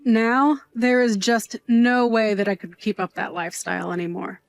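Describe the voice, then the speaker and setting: Woman doing a fond sassy auntie, middle-aged, high bright voice, dry close sound. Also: fairly even intonation, gravelly, no room sound, faint music behind. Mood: reassuring. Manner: playful, mock-offended, quick to tears. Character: doting middle-aged aunt, sassy bar worker. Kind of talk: audio drama acting.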